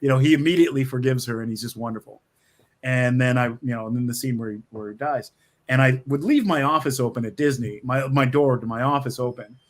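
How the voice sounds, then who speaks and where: A middle-aged man with a medium-pitched voice talks at a quick pace. He's a screenwriter being interviewed over video from his office, telling stories with energy, restarting sentences frequently and laughing a lot.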